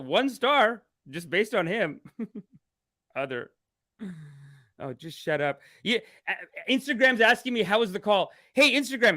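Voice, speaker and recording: A man with a fairly high voice hosts a comedic live stream. He swings between hushed, mock-serene calm and loud, excited outbursts. He laughs often as he jokes with his viewers. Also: moderate pace, pauses often. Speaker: livestream host.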